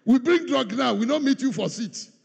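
A man voicing a bossy, impatient hospital nurse who scolds a patient in sharp, shouted orders. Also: very high-pitched, expressive, moderate pace, vocal fry, breathy edge, voice pushed up, full character voice. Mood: scolding. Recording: long reverb of a large hall.

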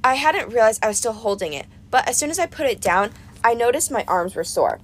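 A woman narrating a first-person audiobook in an expressive, storytelling manner. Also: on the high side, a little fast, breathy edge.

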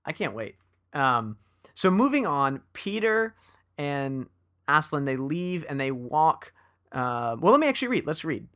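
A man's voice: a little high, very animated, unhurried, a bit bright. A man co-hosting a casual book discussion, talking with enthusiasm and reading passages aloud. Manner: enthusiastic, many restarts. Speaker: podcast co-host.

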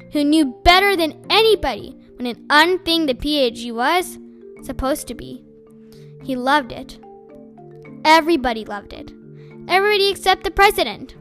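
A woman reading a first-person audiobook in a wry, deadpan storytelling manner. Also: high voice. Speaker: audiobook narrator.

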